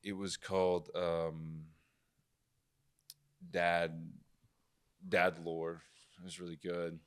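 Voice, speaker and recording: Deep-voiced laid-back man from Arkansas. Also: little pitch movement, drawn-out words, clear, resonant tone. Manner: earnest, laid-back, ends thoughts with a questioning 'right?'. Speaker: guest comedian. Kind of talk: casual podcast conversation.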